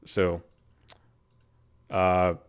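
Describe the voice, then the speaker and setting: A man's voice: deep voice, monotone, drawn-out words, clean tone. A man co-hosting a casual gaming podcast, blunt and ranting, swearing freely. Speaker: podcast co-host. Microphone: desk microphone, live stream.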